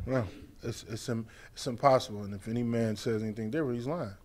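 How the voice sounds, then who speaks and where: A man chatting casually about relationships on a talk show, animated and teasing. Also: mid-range voice, fast, a little hiss or hum.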